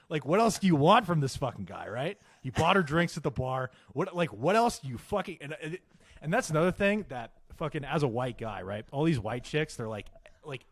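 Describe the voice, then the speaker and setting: A man's voice: fairly high pitch, dry recording, studio quality. A young man co-hosting a casual podcast, telling a story in a profane, ranting way. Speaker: podcast co-host. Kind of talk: casual chat.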